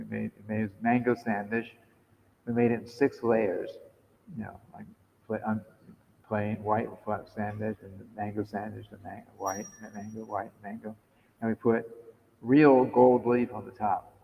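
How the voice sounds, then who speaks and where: A man reading aloud and chatting informally at a temple, halting and restarting when he talks freely and growing louder as he reads. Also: on the low side, gravelly, a little hiss or hum. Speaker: temple devotee reading to a group. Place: temple hall. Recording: dull lo-fi recording in a long-echo hall.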